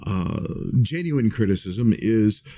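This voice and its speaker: A man's voice: fairly low pitch, lively intonation, slow pace, mellow. A man talking casually to his livestream viewers, earnest and rambling, with many fillers and restarts. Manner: earnest, reflective.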